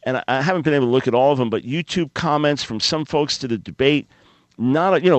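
A man hosting a call-in radio show, reading and commenting with sarcastic, animated asides. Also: medium pitch, quick pace, dry recording. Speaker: radio talk show host.

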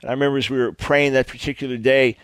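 A man's voice: medium pitch, fairly even intonation, fast, clear, resonant tone, no echo. A middle-aged man preaching earnestly, stressing points with repeated emphatic phrases. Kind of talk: sermon-style radio teaching.

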